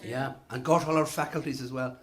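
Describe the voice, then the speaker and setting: A middle-aged man doing live stand-up comedy, telling quick jokes and slipping into voices for the punchlines. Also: medium pitch, steady tone. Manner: brisk joke-telling, swapping voices for punchlines.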